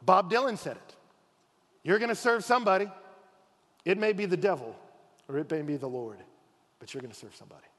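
A male pastor preaching a sermon, telling stories with acted-out voices and dropping low and quiet for emphasis. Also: fairly quick, long pauses, in a large hall. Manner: animated storytelling, acting out voices, dropping low and soft for emphasis.

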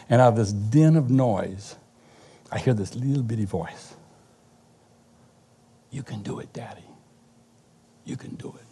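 A middle-aged man telling a personal testimony about his daughter in a halting, storytelling way, with frequent restarts. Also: lowish voice, dark tone, breathy edge. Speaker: father giving a testimony.

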